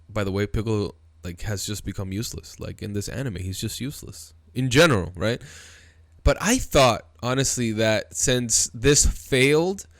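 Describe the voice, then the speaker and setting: Excitable, slangy man hosting a video. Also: fairly low pitch, no room sound, studio quality. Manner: excitable, slangy, calls viewers dude and bro. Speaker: video host. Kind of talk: casual anime commentary.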